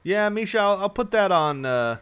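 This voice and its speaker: His high voice is animated and moderately paced, bright, clear and resonant, though the recording sounds muffled. He's casually live-streaming a strategy game, answering viewers, tired and yawning, and cursing when irritated.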